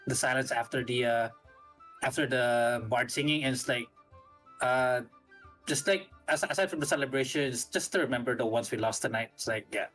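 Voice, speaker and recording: Male player, hesitant, mid-pitched voice, faint music behind. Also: moderate pace, a bit bright, low-quality recording. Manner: hesitant, full of fillers.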